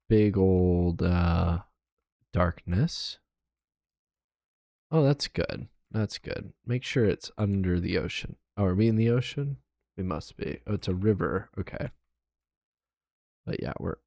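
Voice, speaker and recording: A man with a fairly low voice chats casually while he plays a video game on a live stream. He counts blocks and mutters to himself as he works. The sound is dry and close, with no room echo. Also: gravelly, a little mellow. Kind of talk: casual gameplay commentary.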